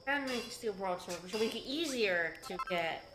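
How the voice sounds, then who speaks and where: A woman's voice: mid-range voice, lively intonation, normal speed, noisy background. A woman co-hosting a game stream, giving upbeat, practical commentary on the game. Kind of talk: casual gameplay chat. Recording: echoey room with game music.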